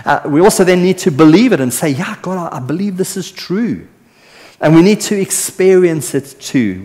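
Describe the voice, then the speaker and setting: Animated male preacher in a reverberant hall. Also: mid-range voice. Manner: earnest, animated storytelling with swings between loud and soft. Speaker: pastor. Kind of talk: sermon.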